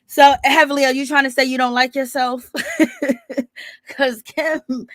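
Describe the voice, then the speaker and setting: A woman's voice: sits high, level tone, measured pace, no room sound, clean studio sound. A woman recapping a reality TV show in a casual, rambling, opinionated way, often laughing as she talks. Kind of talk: casual commentary.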